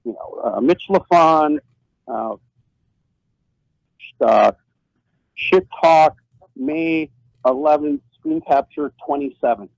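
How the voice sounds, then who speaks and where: A man's voice: on the high side, slow, gravelly, pauses often, dry recording, low-quality recording. A man telling a heated story as a guest in a casual interview, swearing often and restarting his sentences. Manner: profane, heated and animated, frequent restarts.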